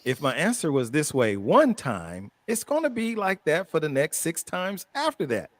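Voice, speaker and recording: A man's voice: a little high, very animated, normal speed, dry recording. A man on a casual panel talk, exasperated and repeating his point for emphasis.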